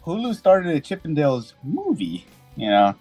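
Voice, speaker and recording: A man co-hosting a casual livestream, stammering and cracking deadpan jokes. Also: on the high side, normal speed, breathy edge, dry recording, faint music behind. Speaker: podcast co-host.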